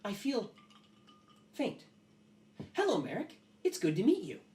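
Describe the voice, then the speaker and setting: A man voicing a sentient metal face that grows out of a wall, speaking politely and calmly with an unsettling edge. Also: high voice, measured pace, recorded from a distance, voice pushed up, heavily acted.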